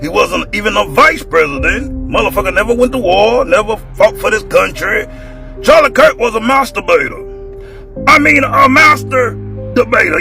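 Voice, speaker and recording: A man delivering a loud, profane comedic rant, often shouting and slipping into a sing-song delivery. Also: very high-pitched, sing-song, normal speed, gravelly, over music. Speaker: commentator.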